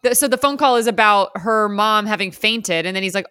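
Bright, giggly woman podcast host. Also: mid-range voice, smooth, no echo, studio quality. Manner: animated, giggly, acts out movie lines in quick impressions. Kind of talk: casual chat recapping a movie.

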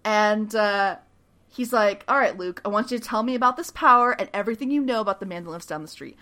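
A woman with a medium-pitched voice talks quickly, hosting a podcast and running through a TV episode in a casual way. She animates the quoted lines and laughs a lot along the way.

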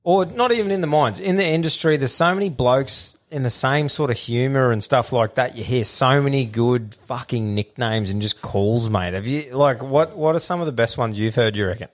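A man's voice: medium pitch, normal speed, hardly any pauses. An Australian man with a mid-range voice hosts a podcast. He is enthusiastic and matey and swears freely in an easy chat. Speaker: podcast host. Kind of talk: casual chat.

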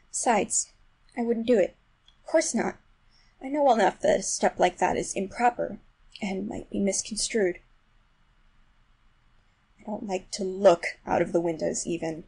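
Gravelly, husky woman reading a story. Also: mid-range voice, low-quality recording. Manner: first-person storytelling, shifting from hushed to emphatic. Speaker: audiobook reader. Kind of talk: literary audiobook narration. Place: New York City.

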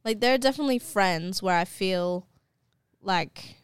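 A young adult woman talks casually on a podcast, rambling and filling her sentences with "like". Her voice is smooth and clear. It is recorded close and dry. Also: medium pitch, normal speed, dry recording. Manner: chatty, uses "like" a lot, mimics others. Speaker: podcast co-host. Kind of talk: casual chat.

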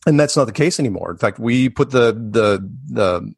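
A man with a husky, slightly rough voice, chatting as a podcast guest and wandering through asides and restarts. The sound is dry and close, with no room echo. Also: mid-range voice, moderate pace. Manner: rambling, animated, with frequent restarts and asides. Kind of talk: casual storytelling interview.

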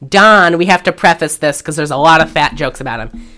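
A woman with a low-pitched voice talks fairly quickly while co-hosting a podcast. She gives a casual, lively movie recap and acts out what the characters say.

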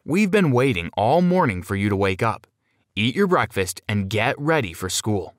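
Man playing a fake dad, insistent, stern, lively pitch, dry sound. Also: moderate pace, no room sound. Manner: pushy, insistent. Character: strange smiling man posing as father, stern.

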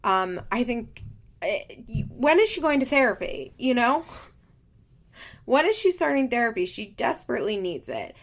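A woman's voice: on the high side, sing-song, normal speed. A woman giving casual, opinionated commentary on a reality show, talking freely with lots of filler words. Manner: chatty, opinionated, frequent "like" fillers. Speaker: podcast host recapping reality TV.

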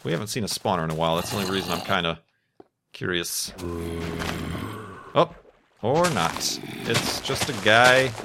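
Rambling laid-back man, low voice. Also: expressive, fairly quick, background noise. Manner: rambling, self-deprecating, laughs often. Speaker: gaming YouTuber. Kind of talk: casual chat over gameplay.

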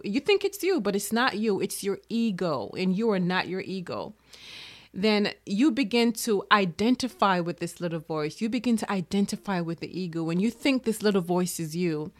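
A woman speaking as a motivational speaker in an earnest manner, now and then acting out the doubting inner voice. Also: medium pitch. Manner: earnest, acts out inner-voice quotes. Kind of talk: motivational talk.

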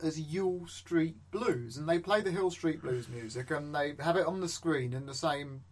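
A man with a slightly high voice, talking in a dry, rambling way in a casual comedy podcast. He often stumbles into restarts before landing his point. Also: moderate pace. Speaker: podcast co-host. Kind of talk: casual comedic review chat.

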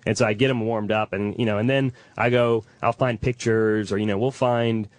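A man's voice: fairly low pitch, steady tone, no echo. A man, a professional hoarding cleaner, talking bluntly and with confidence as a guest in a casual podcast conversation. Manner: blunt, fast-talking, self-assured.

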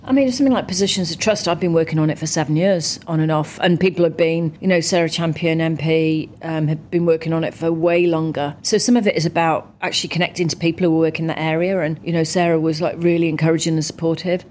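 Chatty British woman, low voice. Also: quick pace, hardly any pauses, slight background noise. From United Kingdom. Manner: chatty, animated when telling anecdotes. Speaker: interview guest, parliamentarian and ex-athlete. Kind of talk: conversational interview.

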